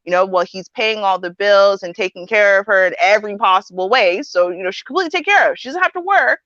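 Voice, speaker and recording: A woman hosting a casual livestream advice chat, animated and quick to laugh, pressing her co-hosts with questions. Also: mid-range voice, no echo, lo-fi sound. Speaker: host.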